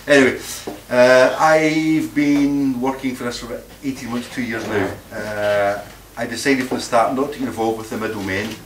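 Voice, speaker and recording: A man's voice: mid-range voice, steady tone, normal speed, few pauses, slight background noise. Male meeting speaker, combative and plain-spoken, recorded far off in an echoey room. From Scotland. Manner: blunt, combative, repeats words while searching. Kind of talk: informal talk to a live audience.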